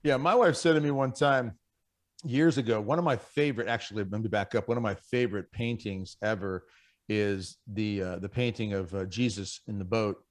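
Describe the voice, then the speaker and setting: A middle-aged man appears as a guest on a Catholic radio show, his low voice fairly even in intonation and moderate in pace. Speaking into a studio microphone, he shares anecdotes and earnestly exhorts other men.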